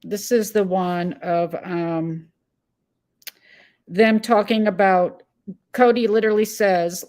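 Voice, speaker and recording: A woman hosting a live stream in casual commentary mode. She sounds agitated and blunt, drifting and rambling with fillers and restarts as she reacts to viewer messages. Her voice sits at an ordinary middle pitch. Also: steady tone, takes it slowly, long pauses, a little mellow. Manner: rambling with fillers and self-corrections.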